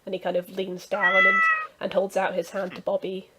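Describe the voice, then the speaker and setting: A woman's voice: mid-range voice, huge pitch swings, normal speed, noisy background. A woman narrating as game master, chatty and full of restarts. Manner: chatty, with many fillers and restarts.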